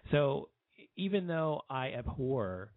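A man in his thirties delivers a rambling, heated personal monologue at a middling pitch, often stopping and starting over mid-sentence. The sound is thin and phone-like, with no room echo at all. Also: big pitch swings, slow. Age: 30s. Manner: rambling, heated, many restarts. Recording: tinny phone-like line.

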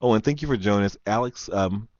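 A man's voice: fairly low pitch, fast talker, a little mellow, dry recording, dull audio. A man hosting a live chat stream, telling a story in a casual rant, laughing often and trailing off with ums.

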